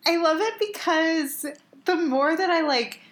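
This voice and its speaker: A woman in casual chat as podcast co-host, animated and laughing, acting out quotes from the show. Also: extremely high pitch, unhurried, a little hiss or hum.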